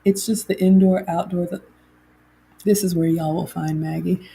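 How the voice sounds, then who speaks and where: A woman's voice: fairly low pitch, fairly even intonation, moderate pace, vocal fry, mellow, slightly rough. A middle-aged woman hosts a chatty livestream and reads viewer comments aloud. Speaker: host. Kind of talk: casual livestream chat.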